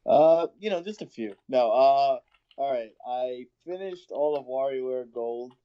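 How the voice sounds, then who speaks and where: A man with a smooth, resonant voice runs offhandedly through a list on a casual podcast. His mic sounds dull, with keyboard typing behind him. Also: mid-range voice, lively intonation, unhurried. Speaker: podcast co-host. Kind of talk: casual chat.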